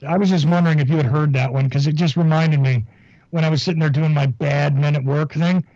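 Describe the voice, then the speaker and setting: A man's voice: a little high, fairly even intonation, fast, warm tone, no echo. A man hosting a podcast in casual chat, telling rambling stories and laughing at them. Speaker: podcast host. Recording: dull muffled sound, dry.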